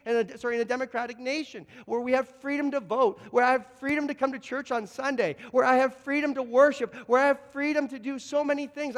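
A man's voice: very high voice, fairly bright tone, long reverb tail. A Canadian man preaching a sermon as pastor, earnest, often repeating words as he presses a point.

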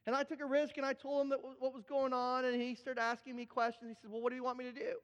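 A man preaching a sermon, telling stories with animated energy and often repeating words as he builds up. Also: very high voice, fast talker, in a large hall, highs cut off. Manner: animated storytelling, repeats words when excited. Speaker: pastor.

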